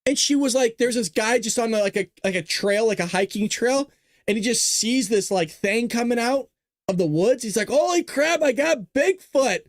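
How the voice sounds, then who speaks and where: A man hosting a live political commentary show, talking in an animated, sarcastic way with laughing asides. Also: high voice, moderate pace, no room sound, clean studio sound. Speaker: host.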